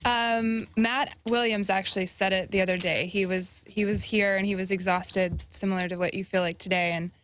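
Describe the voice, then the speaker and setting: A woman co-hosting in casual studio chat, soft-spoken and agreeable. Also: medium pitch, steady tone, moderate pace, few pauses. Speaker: co-host.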